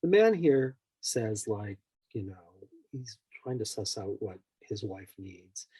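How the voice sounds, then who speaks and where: A male therapist talks through an example in a casual, rambling way, leaning on "like" and "you know." His voice is deep-set and very husky. He slips into the voices of the people in his story as he explains. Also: a little mellow, rough recording. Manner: loose and conversational, full of "like" and "you know".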